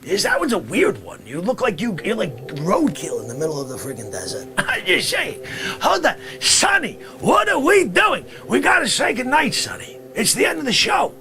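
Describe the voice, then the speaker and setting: A man voicing a brash, grumbling middle-aged guy from the Bronx, rambling complaints and bursting into shouts. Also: high-pitched, huge pitch swings, moderate pace, a crowd in the background, voice pushed up, full character voice. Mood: shouting. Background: music.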